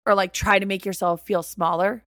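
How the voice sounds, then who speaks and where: A woman's voice: mid-range voice, fairly even intonation, normal speed, a bit bright, no room sound, clean studio sound. A woman from Wisconsin co-hosting a casual chat, teasing and acting out goofy little voices. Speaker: podcast co-host.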